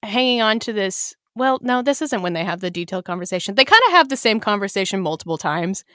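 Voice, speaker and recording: A woman in casual book-club chat on a podcast, retelling plot points with bits of acted dialogue and the odd swear word. Her voice sits at an ordinary middle pitch. The recording is close and dry. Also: expressive, fast talker, sharp tone, dry recording. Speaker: podcast co-host.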